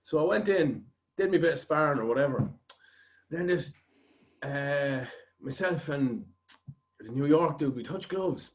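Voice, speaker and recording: A man's voice: on the high side, animated, a little slow, pauses often, muffled recording. A man with an Irish accent hosting a podcast, telling a rambling anecdote in casual chat and swearing freely. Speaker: podcast host.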